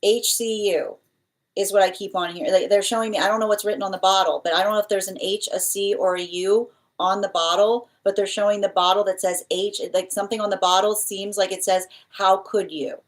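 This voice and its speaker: A woman's voice: medium pitch, steady tone, brisk. Female tarot reader, live reading; rambling, repetitive delivery, acts out the spirit messages she relays. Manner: rambling, repeats phrases, voices spirit messages.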